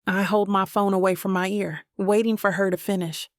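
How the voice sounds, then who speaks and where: A woman's voice: mid-range voice, fairly even intonation, moderate pace, no echo, clean studio sound. A woman narrating a first-person romance audiobook in a wry, self-questioning inner voice.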